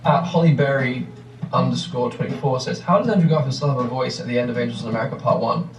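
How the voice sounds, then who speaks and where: A man's voice: medium pitch, quick pace, roomy sound, far from the mic, a little hiss or hum, low-quality recording. A man in his thirties with an English accent, answering questions in a rambling, reflective way with many restarts. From England. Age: 30s. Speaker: actor answering fan questions. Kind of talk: casual interview answers.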